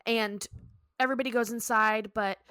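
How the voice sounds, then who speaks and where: Bright-voiced woman retelling a story. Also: fairly high pitch, smooth, no room sound, studio quality. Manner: animated retelling with quick character voices. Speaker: podcast co-host. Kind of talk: casual recap chat.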